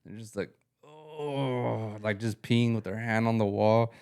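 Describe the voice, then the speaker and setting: A man's voice: on the low side, little pitch movement, normal speed, a little mellow, smooth. A young man co-hosting a podcast, telling slangy, laid-back stories. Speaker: podcast co-host. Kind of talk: casual chat.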